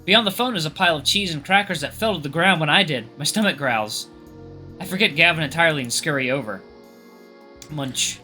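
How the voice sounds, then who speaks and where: Young man, game narration, lively pitch, bright tone, music underneath. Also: fast. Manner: expressive, lively reading with laughs. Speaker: gaming YouTuber. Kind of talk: reading a visual novel aloud with asides.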